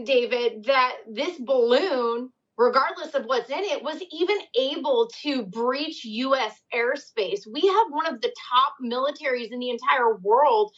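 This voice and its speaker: A woman's voice: high voice, a bit bright, dull audio. A woman news correspondent speaking earnestly and urgently in a remote interview, with many fillers.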